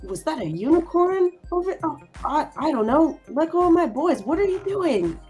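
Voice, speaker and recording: Dad Perkins is an agitated, protective father in a tabletop game, played by a woman GM in a raised, higher voice. He stammers and stumbles over his words in a flustered rush. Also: very animated, moderate pace, darkish tone, soft background music.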